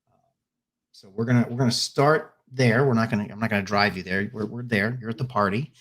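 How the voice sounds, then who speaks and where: A man's voice: on the low side, fairly even intonation, a bit bright. A man running a tabletop spy game as game master, narrating a party scene with frequent fillers and restarts. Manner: halting, many fillers and restarts.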